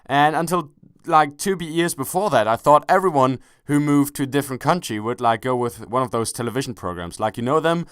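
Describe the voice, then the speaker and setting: A man's voice: mid-range voice, fairly quick, smooth, no echo, clean studio sound. A young man giving casual gameplay commentary, rambling and self-correcting, swearing casually and joking as he goes. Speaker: gaming commentator. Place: at home, kneeling without a chair.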